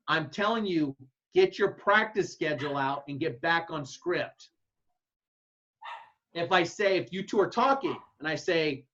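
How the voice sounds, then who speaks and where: A man, a football coach, giving blunt, folksy advice to other coaches and acting out his own yelled calls. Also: a little high, lively intonation, unhurried. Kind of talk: casual advice talk to coaches. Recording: dull lo-fi sound.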